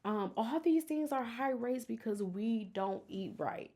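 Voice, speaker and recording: A woman's voice: a little high, lively intonation, measured pace, mellow. A woman hosting a personal faith podcast, talking earnestly and emotionally in a testifying way. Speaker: podcast host.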